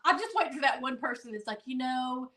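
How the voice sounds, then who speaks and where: A woman's voice: sits high, expressive, bright, forceful tone, far from the mic. Southern woman heard from off-mic. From East Tennessee. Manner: quick side remarks and agreement. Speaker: co-host of a livestream. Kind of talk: casual live chat. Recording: echoey room, away from the mic.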